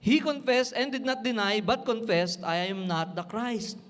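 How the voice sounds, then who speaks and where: High-voiced Filipino man preaching. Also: moderate pace, fairly bright tone, big-room sound. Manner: switches between English and Tagalog, emphatic preaching. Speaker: pastor. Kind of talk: sermon. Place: church.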